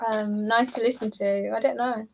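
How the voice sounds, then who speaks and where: A woman's voice: a little high, steady tone, moderate pace, gravelly, slight background noise. A young British woman from southeast England chatting casually with viewers on a livestream, reading comments and laughing often. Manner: chatty, giggly, reads out comments. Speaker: livestream host. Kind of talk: casual chat while painting.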